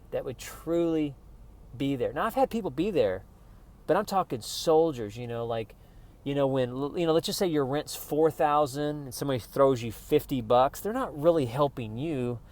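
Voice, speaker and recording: A man's voice: mid-range voice, darkish tone. A man ranting casually to camera in a profane, rambling, frustrated way, with music playing faintly behind him. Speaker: vlogger.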